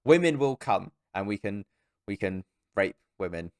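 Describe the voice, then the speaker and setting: A young man co-hosting a casual film podcast, animated and swearing, often jumping into high mocking voices. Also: normal speed, dry recording, studio quality. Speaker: podcast co-host. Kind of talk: casual film review chat.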